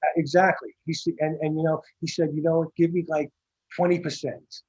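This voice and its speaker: An older film director with a Staten Island accent tells his stories in a husky, slightly high voice. He rambles and restarts, repeating words as the anecdotes pick up. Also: little pitch movement, fairly quick, a little mellow, low-quality recording. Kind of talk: casual storytelling interview.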